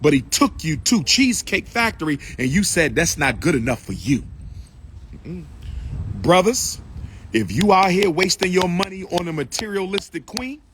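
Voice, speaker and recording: A man's voice: sits high, big pitch swings, background noise. A man giving an impassioned live address outdoors beside a school building, repeating his points in a preaching cadence and drawing out his lists. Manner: emphatic, repetitive preaching cadence with slowed, drawn-out lists. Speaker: public speaker addressing a live audience.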